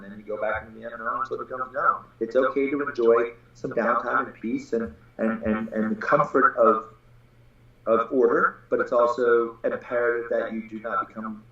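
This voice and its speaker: A blunt, swearing man holds forth as a Taoist teacher in a loose podcast chat, slipping into other people's voices as he tells stories. His voice booms around a strongly echoing room, and the sound is dull and muffled. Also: fairly bright tone. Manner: blunt and profane, acts out quoted voices. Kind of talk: casual podcast conversation.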